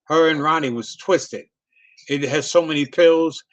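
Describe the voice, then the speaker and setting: A man's voice: on the high side, unhurried, no room sound. A middle-aged man, a comedian, telling a long profane story in a loose, rambling way. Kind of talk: casual storytelling on a video call.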